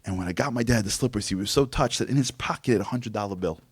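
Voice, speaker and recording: A man giving a religious motivational talk, telling stories in an animated way and acting out voices. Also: on the low side, fast, breathy edge, no echo. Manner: animated storytelling, acts out voices. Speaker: speaker.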